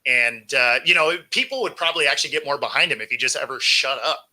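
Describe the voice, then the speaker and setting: A man's voice: medium pitch, expressive, fast, sharp tone, poor audio. A man co-hosting a casual chat, wry and joking, laughing often and rambling loosely.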